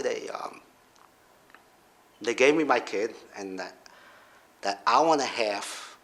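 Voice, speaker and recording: A middle-aged man casually telling a personal story, halting and restarting, then jumping up in pitch to act out other people's voices. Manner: halting, with restarts and trailing off quietly.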